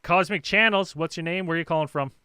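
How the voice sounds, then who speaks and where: A man's voice: a little high, quick pace, bright, forceful tone, clean tone, dry recording. A man hosting a paranormal call-in show, talking casually and with enthusiasm, laughing easily. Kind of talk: casual call-in radio chat.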